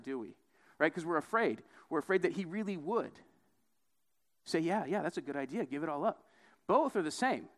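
Casual and conversational, a young man preaches while regularly asking "right?" of his listeners. He brings quotes to life by acting them out, jumping widely in pitch.

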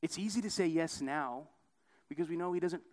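A man's voice: a little fast, a little mellow. A young man giving a conversational sermon, often tagging on "right?" and acting out quoted voices. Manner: casual, repeats "right?" often; acts out quoted voices with big pitch jumps. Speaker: preacher.

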